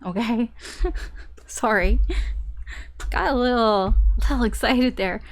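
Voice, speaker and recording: A woman's voice: a little high, takes it slowly. Chatty woman giving a tarot reading. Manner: chatty, laughs often, swears casually; animated storytelling. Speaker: tarot reader.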